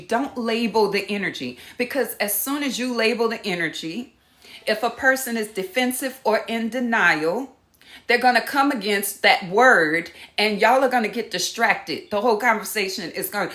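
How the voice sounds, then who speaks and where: A woman's voice: mid-range voice, normal speed, a bit bright, roomy sound. A woman teaching empaths in a casual live talk, giving direct instructions and calling her viewers y'all. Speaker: empath coach.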